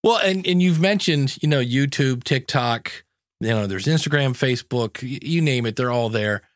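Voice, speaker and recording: A man's voice: medium pitch, animated, moderate pace, no echo, clean studio sound. Chatty man hosting a podcast. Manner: chatty, joking asides. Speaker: podcast host. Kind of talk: casual interview chat.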